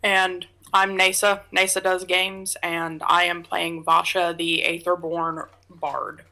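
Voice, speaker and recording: A woman's voice: fairly low pitch, level tone, takes it slowly, vocal fry, bright, forceful tone, low-quality recording. A woman playing in a casual tabletop game, bantering bluntly with her friends. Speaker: player.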